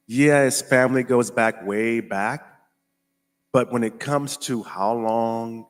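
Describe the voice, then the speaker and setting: Brief: American male host, mid-pitched voice, emphatic, repeats himself, slows down for emphasis. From United States. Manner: emphatic, repetitive, slows down to stress points. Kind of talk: casual commentary show.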